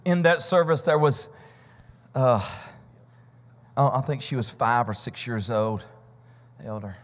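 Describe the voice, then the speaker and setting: A man preaching a Pentecostal sermon, telling testimony stories that build to shouting, sing-song peaks. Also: mid-range voice, animated, a little slow. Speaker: visiting preacher. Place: church sanctuary. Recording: church hall reverb with keyboard music.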